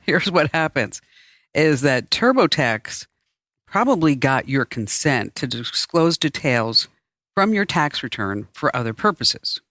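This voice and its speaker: A man's voice: fairly high pitch, sing-song, slow pace, pushed and bright, dry recording, studio quality. A man co-hosting a podcast in casual chat, talking loosely with lots of fillers. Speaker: podcast co-host.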